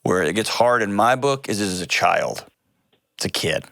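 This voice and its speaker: A man hosting a call-in advice show, talking directly and earnestly, quick to correct himself. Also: on the low side, expressive, creaky, a bit bright, dry recording, studio quality.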